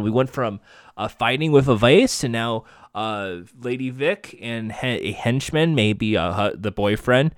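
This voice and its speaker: A man's voice: mid-range voice, animated, a little slow, dry recording, studio quality. A man giving a casual, profane, sarcastic recap of a TV episode, rambling as he goes. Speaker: show recapper.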